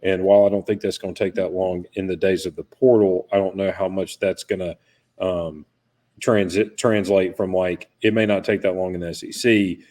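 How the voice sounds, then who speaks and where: A man with a very deep voice laying out a betting pick on a podcast. He reasons things through steadily and plainly. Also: level tone, moderate pace, dark tone. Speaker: podcast panelist. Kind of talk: casual sports betting chat.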